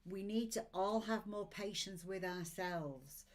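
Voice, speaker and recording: A woman's voice: medium pitch, measured pace, slight background noise. A woman in her sixties, an oracle card reader on a live stream, encouraging her viewers in an upbeat way and reading out their comments. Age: 60s.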